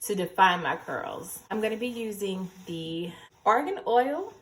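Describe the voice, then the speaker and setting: A woman's voice: mid-range voice, expressive, measured pace, fairly bright tone. A young woman chatting casually through a hair tutorial at home, nervous and a little tipsy, rambling and giggly, recorded on a camera mic. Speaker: hair vlogger.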